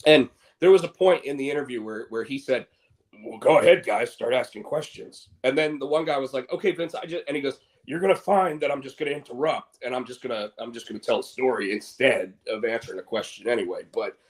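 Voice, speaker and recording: A man co-hosting a podcast, chatting casually and rambling with many restarts. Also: medium pitch. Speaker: podcast co-host. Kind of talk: casual chat.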